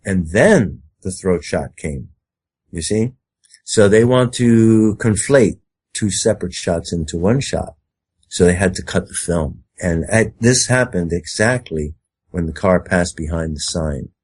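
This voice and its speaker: Low dark husky man, emphatic talk. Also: animated, a little slow. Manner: emphatic, rambling, acts out quoted speech. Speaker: guest. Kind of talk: conspiracy talk interview.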